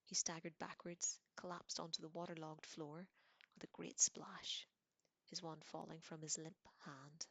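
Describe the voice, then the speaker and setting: A woman reading a novel aloud dramatically, dropping into hushed whispers for tense passages. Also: low-pitched, little pitch movement, a little slow, dry recording. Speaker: reader.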